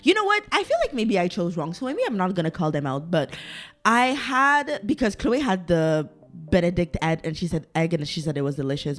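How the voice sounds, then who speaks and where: A young adult woman hosting her own podcast, ranting casually with lots of swearing and side tangents. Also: lowish voice. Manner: swears a lot, ranty and digressive; exasperated, exaggerated complaining. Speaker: podcast host. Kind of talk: casual solo podcast rant.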